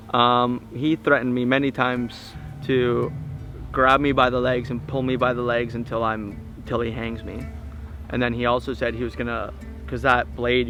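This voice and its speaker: Creaky-voiced man calmly recounting. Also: mid-range voice. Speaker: protester recounting events. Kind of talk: documentary interview recollection.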